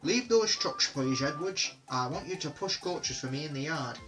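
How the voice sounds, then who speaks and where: A man's voice: on the high side, expressive, normal speed, over music, close to an everyday voice, rough recording. A man voicing a stern, pompous male railway boss in a storybook reading, firm and commanding. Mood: kindly.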